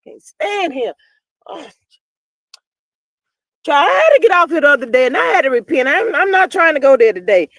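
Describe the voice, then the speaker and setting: A woman hosts a casual gossip stream, blunt and sassy. Her voice is high and bright, and it jumps between loud outbursts and low mutters. The sound is dry and close. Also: very animated, normal speed, pauses often, no echo. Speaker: livestream host. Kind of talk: casual gossip commentary reading live chat.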